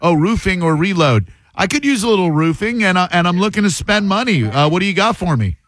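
A man's voice: high voice, animated, a little fast, fairly bright tone, no room sound. A man hosting a podcast, chatting casually with a sarcastic, teasing manner. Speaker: podcast host. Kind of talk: casual chat.

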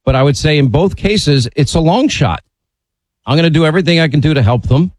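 A man's voice: a little high, lively intonation, brisk, dry recording, rough recording. A man hosting a call-in radio talk show, blunt and opinionated in a conversational way. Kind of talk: talk radio, taking calls.

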